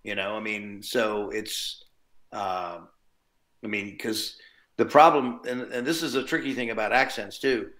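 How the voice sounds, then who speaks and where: Voice actor guy, kinda low voice but bright and punchy, talks animated with little laughs, roomy echo on the call. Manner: animated storyteller, quick asides and chuckles. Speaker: voice actor guest. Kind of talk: casual interview chat.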